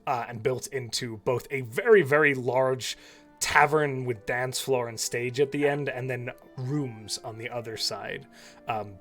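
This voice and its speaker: A man narrating as game master of a tabletop game, describing scenes in a relaxed way with frequent "uh"s. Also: medium pitch.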